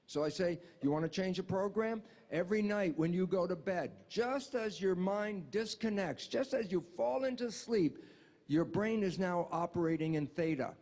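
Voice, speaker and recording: Guy on an interview explaining stuff, kinda high voice, acts out the convos he's describing. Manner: animated, acts out dialogues in quotes. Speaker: interview guest.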